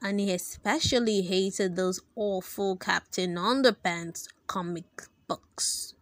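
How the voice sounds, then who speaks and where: A woman reading a children's book aloud in an expressive, animated storytelling manner. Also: mid-range voice, measured pace, no room sound.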